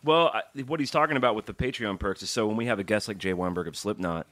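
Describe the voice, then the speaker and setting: A man co-hosting a podcast, chatting casually with brisk jokes and casual swearing. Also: fairly low pitch, a bit bright, no room sound. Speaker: podcast co-host. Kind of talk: casual chat.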